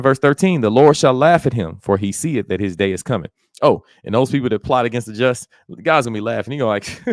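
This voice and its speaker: A man preaching a casual bible study, explaining scripture in slangy everyday talk and reading verses aloud slowly. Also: mid-range voice, no echo, studio quality.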